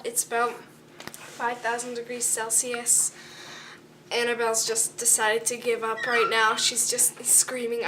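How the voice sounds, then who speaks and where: A teenage girl narrating an amateur school skit as an explorer, halting with many fillers while reciting facts. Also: on the high side, bright, forceful tone, recorded from a distance, a little hiss or hum. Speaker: student explorer presenting a school project. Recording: music playing over the voice.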